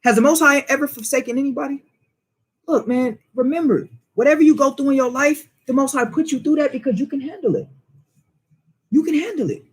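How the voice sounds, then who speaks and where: A man's voice: very high-pitched, a little fast. A man teaching a Bible study in informal preaching style, emphatic and full of rhetorical questions and street slang.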